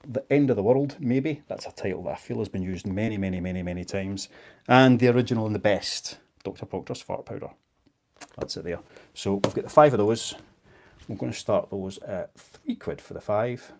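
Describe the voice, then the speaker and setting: A man's voice: on the low side, normal speed, darkish tone. A man, chatting casually as he auctions books on a live stream, joking at his own expense. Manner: chatty and self-mocking. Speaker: online book seller.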